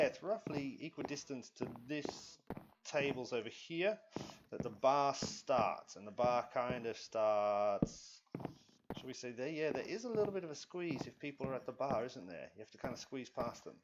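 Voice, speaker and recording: A man talking through a live game stream in a loose, rambling way, thinking aloud and apologizing now and then. His voice sits at an ordinary middle pitch. The stream audio is dull and lo-fi, with loud hiss running underneath. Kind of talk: live gameplay commentary.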